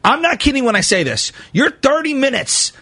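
A man co-hosting a sports radio show, telling a story in an excitable, animated way with quick laughs. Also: extremely high pitch, husky, no echo. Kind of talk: casual storytelling banter.

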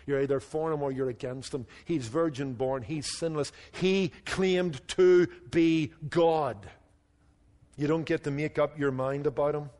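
A man preaching a sermon as pastor, earnest, dropping low and quiet on his key points. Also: big-room sound.

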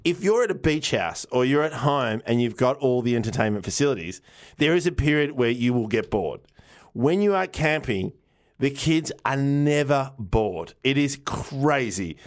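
A man's voice: medium pitch, lively intonation, moderate pace. A man in a loose, casual chat. He rambles through his stories and restarts his sentences as he goes. He laughs easily and swears without a second thought. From Australia. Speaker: podcast co-host.

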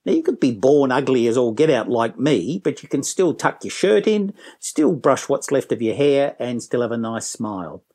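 Jokey trainer, full of energy. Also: male voice, medium pitch, big pitch swings, moderate pace, hardly any pauses, mellow. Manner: enthusiastic, jokey, puts on voices. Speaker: business trainer and storyteller. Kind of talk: interview guest.

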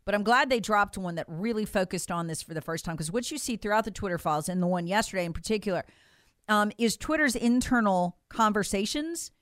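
A woman's voice: mid-range voice, fairly quick, a bit bright, dry recording. Woman radio host, fiery and emphatic, dry close studio sound. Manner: impassioned, emphatic, mocking. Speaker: radio talk show host. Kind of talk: political talk radio commentary.

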